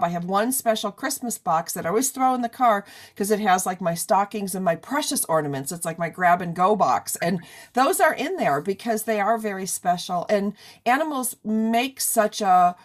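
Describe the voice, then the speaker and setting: A woman's voice: mid-range voice, animated, moderate pace. A middle-aged woman hosting an interview in a chatty, rambling way, full of "you know". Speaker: radio interview host. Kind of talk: casual chat.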